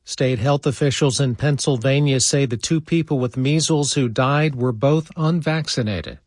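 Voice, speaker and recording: A man reads national news headlines on radio in a crisp, even delivery. His voice has a slight husk. The sound is dry and close. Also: medium pitch, moderate pace, dry recording. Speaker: newscaster. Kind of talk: radio newscast.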